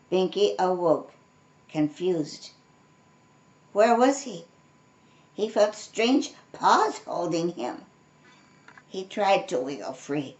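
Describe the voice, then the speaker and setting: An older woman reading a storybook aloud, gentle and unhurried, with friendly asides to young listeners. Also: lowish voice, big pitch swings, lo-fi sound. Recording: roomy echo.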